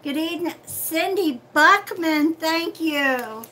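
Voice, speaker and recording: High bright-voiced woman, unhurried. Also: a little hiss or hum, low-quality recording. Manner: chatty, calls viewers sweetheart. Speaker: psychic reader hosting a livestream. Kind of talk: casual livestream chat, greeting viewers.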